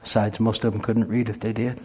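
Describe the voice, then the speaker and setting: A man's voice: fairly low pitch, level tone, brisk, dark tone, slightly rough. A man preaching a sermon, telling humorous stories in a folksy way. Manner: folksy, humorous, laughs at his own stories. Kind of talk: sermon with storytelling.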